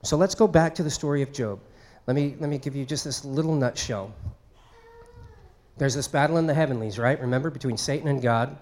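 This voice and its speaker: A man's voice: mid-range voice, a little fast, a little mellow. A man preaching a sermon in a conversational way, acting out quoted speech. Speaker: pastor.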